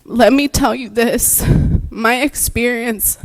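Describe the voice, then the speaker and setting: A woman's voice: a little high, slow pace, poor audio. A woman therapist giving earnest, emotional public comment at a board meeting, reading prepared remarks.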